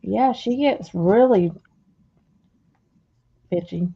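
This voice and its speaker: An American woman co-hosting a craft stream, chatting casually and making dry, unhurried remarks. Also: mid-range voice, creaky, dark tone, slightly rough, muffled recording. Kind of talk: casual chat while crafting.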